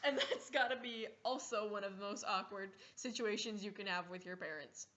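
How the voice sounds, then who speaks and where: A woman's voice: medium pitch, moderate pace, a bit bright, lo-fi sound. A teenage girl vlogging casually in a playful, giggly way, acting out little scenes. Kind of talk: casual comedic vlog.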